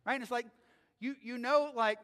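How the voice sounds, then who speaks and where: A male pastor preaching a sermon in a conversational way, often checking in with the congregation with a quick "right?". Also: very high voice, fairly even intonation, fairly bright tone, in a large hall. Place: church sanctuary.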